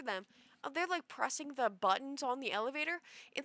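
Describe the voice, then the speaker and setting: A young woman streamer telling a story to her live chat in a rambling, animated way, full of "like" and restarts. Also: high-pitched, brisk, dry recording. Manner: rambling, animated, heavy use of "like".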